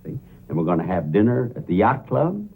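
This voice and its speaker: A fussy, boastful man from a 1950s radio comedy, his husky voice leaping up and down as he talks. The sound is thin and tinny, like an old broadcast heard through a narrow line. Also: lowish voice, wildly swooping pitch, brisk. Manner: fussy, eager bragging.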